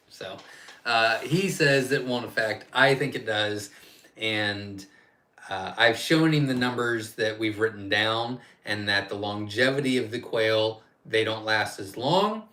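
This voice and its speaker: A man's voice: on the low side, bright, forceful tone. A man hosting a casual live-stream Q&A as a quail farm owner, chatty and rambling, reading viewer questions aloud and answering off the cuff.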